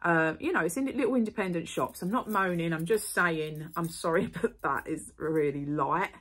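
A woman's voice: fairly low pitch, fairly bright tone, breathy edge. Chatty woman rambling through a haul. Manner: chatty, rambling, quick asides and apologies. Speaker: vlogger. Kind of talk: casual unboxing chat to camera.

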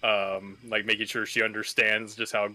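A man's voice: fairly low pitch, little pitch movement, moderate pace, pushed and bright. A man playing a tabletop game, speaking earnestly. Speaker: player.

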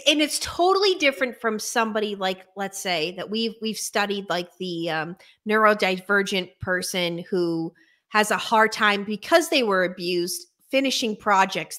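A woman hosting a casual conversation as a coach, animated and quick to laugh, often repeating words. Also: medium pitch. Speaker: podcast host and coach.

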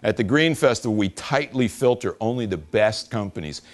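Joking, animated man giving a talk. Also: fairly low pitch, normal speed. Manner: joking, animated, laughs with the audience. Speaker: speaker at a business event. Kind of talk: casual public talk.

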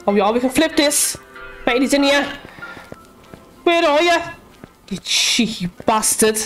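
A young woman talks through a horror game at an unhurried pace, with a high voice. She chats to herself and the game, swearing and shrieking at the scares. Faint game music plays behind her. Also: expressive, fairly bright tone. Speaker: gaming YouTuber. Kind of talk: casual let's-play commentary.

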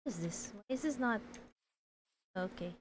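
A woman's voice: mid-range voice, lively intonation, moderate pace, noisy background. A woman streaming a game, chatting casually, answering chat and laughing often.

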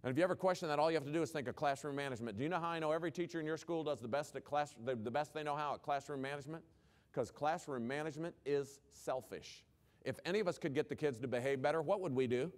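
A man's voice: fairly high pitch, fast. A man who is a former principal, giving a keynote talk to school leaders with punchy rhetorical questions and folksy humor. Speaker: education speaker, former principal.

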